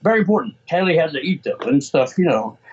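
A man's voice: a little high, very animated, quick pace, husky. A man, talking in a rambling, emotional way as an interview guest. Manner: rambling, emotional, many restarts. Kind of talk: casual interview conversation. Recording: slightly dull lo-fi audio.

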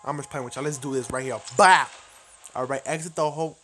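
A man's voice: mid-range voice, fairly even intonation, very fast, faint music behind. A man giving casual, profane, self-mocking commentary while playing a shooter game. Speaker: gameplay commentator.

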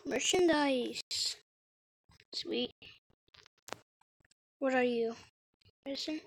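A woman's voice: high-pitched, very slow, slight background noise, rough recording. A woman giving casual gameplay commentary for her video channel, playful and teasing. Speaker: YouTube gamer.

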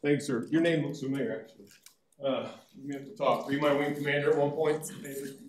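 A man's voice: mid-range voice, steady tone, a little fast, echoey room, low-quality recording. A man in his fifties, a retired serviceman turned financial advisor, giving a chatty, joking seminar talk to a live audience in a meeting room. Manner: chatty, joking, self-deprecating. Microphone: room mic or no mic.

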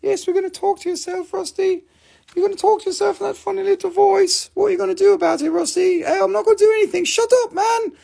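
A man putting on a funny little high voice to tease himself, like a mocking inner voice. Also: steady tone, fast, vocal fry, mellow, full character voice. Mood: teasing. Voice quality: high and silly.

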